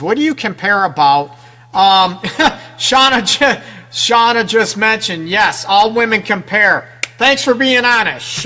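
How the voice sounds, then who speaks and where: Speaking to women listeners directly and conversationally, a radio relationship counselor keeps asking rhetorical questions and tacking on "right?" His voice is high, pushed and bright.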